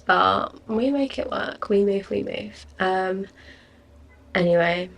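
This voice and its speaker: Young woman hosting a solo podcast, tired and gravelly, rambles casually. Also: mid-range voice, a bit bright. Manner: chatty, rambling, lots of likes and ums. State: tired, yawning. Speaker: podcast host.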